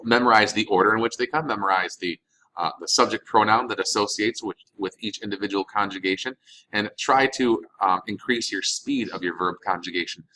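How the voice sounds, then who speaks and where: Low-voiced man teaching a language lesson. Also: a little fast, pushed and bright, low-quality recording. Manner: patient, explanatory, reads phrases then translates. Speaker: Spanish teacher. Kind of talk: recorded classroom lesson.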